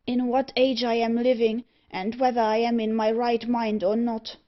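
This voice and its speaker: A woman's voice: a little high, fairly even intonation, measured pace, lo-fi sound. A woman voicing an anguished young male captive. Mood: frantic. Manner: pleading, overwrought.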